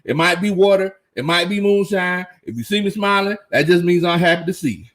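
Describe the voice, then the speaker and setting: A man hosting a casual live fan reaction stream, excited, laughing often and reading out chat comments. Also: high-pitched, brisk. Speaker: sports fan livestream host.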